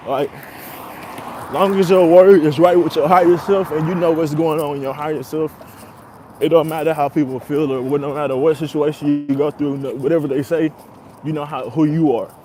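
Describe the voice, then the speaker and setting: A young man rambles in a relaxed, profane, slang-heavy monologue, breaking into laughter often. His voice sits a little high for a man. Faint traffic noise from outdoors runs behind him. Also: brisk. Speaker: podcast host. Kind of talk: casual monologue.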